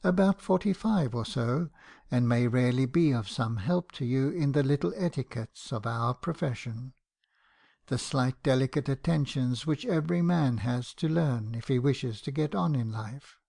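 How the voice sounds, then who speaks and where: A man voicing a fussy, prim older country surgeon in an audiobook, speaking formally and courteously while gently lecturing. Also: medium pitch, normal speed, creaky. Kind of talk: audiobook character voice.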